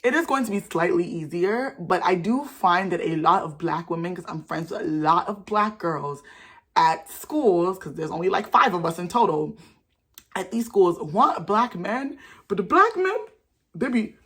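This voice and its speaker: A young woman, telling stories to camera in a casual vlog in an animated, sassy way. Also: slightly rough. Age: young adult. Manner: animated, sassy, talks fast with sudden jumps in pitch. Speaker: vlogger.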